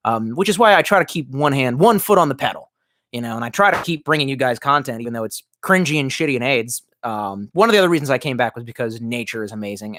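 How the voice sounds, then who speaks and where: A man's voice: medium pitch, a bit bright, dry recording, studio quality. A man live-streaming in casual chat, reading out viewer comments and rambling with lots of swearing, fillers and restarts.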